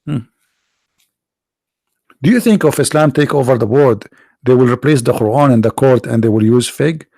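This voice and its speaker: A man's voice: mid-range voice, moderate pace, pauses often, dark tone, no room sound, clean studio sound. A male video host and preacher talking in a sarcastic, mocking monologue full of rhetorical questions, his voice sounding tired.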